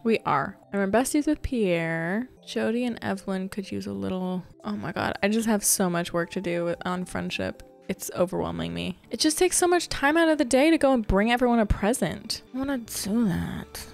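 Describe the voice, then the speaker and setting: A woman's voice: mid-range voice, normal speed, gravelly, hardly any pauses, soft background music. A young woman chatting casually as a gaming content creator. She rambles and talks to herself while she plays a farming game.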